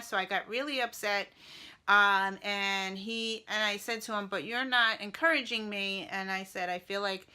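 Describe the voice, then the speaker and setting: A woman's voice: medium pitch, sharp tone, smooth. A middle-aged woman talking casually to her vlog audience in a rambling, chatty way with many fillers. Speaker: vlogger.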